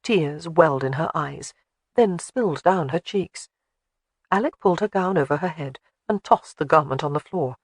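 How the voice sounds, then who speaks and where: Measured audiobook narrator. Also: male voice, a little high, dry recording. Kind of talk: scripted narration.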